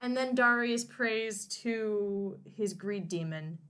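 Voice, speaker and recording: Bright, wry woman recapping a story. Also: mid-range voice, slow pace, clean tone. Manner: rambling, wry, lots of restarts and asides. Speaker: co-host summarizing a novel. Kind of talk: casual recap chat.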